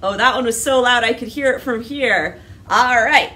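A woman's voice: fairly high pitch, moderate pace, pushed and bright. A woman leading a children's library storytime, singing a hello song and coaxing the kids to answer. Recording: distant mic with clear background noise.

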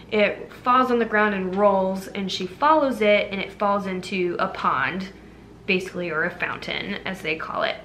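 A woman's voice: mid-range voice, a bit bright, a little hiss or hum. A young adult woman retelling a fairy tale for a movie review vlog, chatty and full of fillers. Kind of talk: casual storytelling review.

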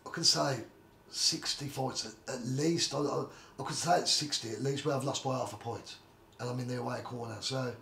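A man's voice: medium pitch, moderate pace, vocal fry, sharp tone. A middle-aged man, a retired boxer, telling stories in a casual interview, rambling and repeating "like I say" and "do you know what I mean". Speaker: retired journeyman boxer, guest. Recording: roomy echo, faint background noise.

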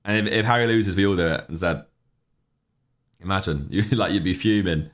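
A man's voice: low-pitched, brisk, long pauses. A young man, casually chatting on a livestream, rambling and reacting to chat messages with offhand opinions.

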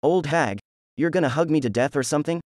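A man's voice: a little high, quick pace, a little mellow, dry recording, studio quality, close to an everyday voice. A man voicing a cocky, reckless teenage ninja antihero with a smug, mocking way of talking.

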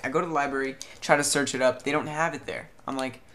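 A young man from Southern California chatting casually to camera in a rambling, animated vlog about his day. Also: medium pitch, fast talker, hardly any pauses, slight background noise. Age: young adult. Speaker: vlogger.

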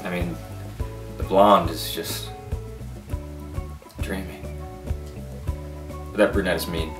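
Man, low voice, sheepish, dejected, echoey room, music behind. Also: steady tone, slow. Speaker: rejected auditioner in a sketch.

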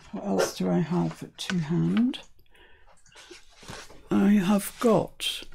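A woman's voice: medium pitch, gravelly, mellow, a little hiss or hum. A British woman hosting a crafting tutorial, chatting and thinking aloud as she works. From United Kingdom.

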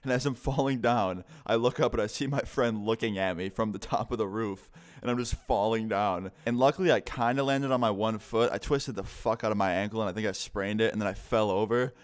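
Young dude doing a storytime vlog, kinda low voice, smooth and clear, swears a lot, just rambles along. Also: male voice, a little fast, few pauses. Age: young adult. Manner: casual, profane, rambling storytelling. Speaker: vlogger.

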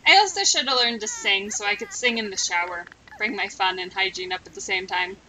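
A woman's voice: medium pitch, a little fast, bright, forceful tone, slight background noise, rough recording. A woman giving casual, chatty gameplay commentary, playfully melodramatic as she goes. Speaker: let's play gamer.

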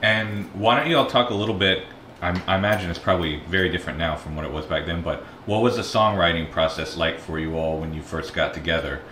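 A male interviewer with a very deep voice asks his questions in a measured, thoughtful way. His voice carries a roomy echo, and faint noise hangs behind him. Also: steady tone, a bit bright. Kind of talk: oral-history interview questions.

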